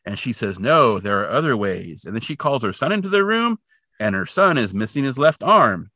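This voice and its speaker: A man with a lively, swinging pitch and a bright edge talks through a TV episode in casual podcast chat. He is sarcastic and animated, and he acts out the characters' quotes. The sound is close and dry. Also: brisk, no echo. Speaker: podcast co-host.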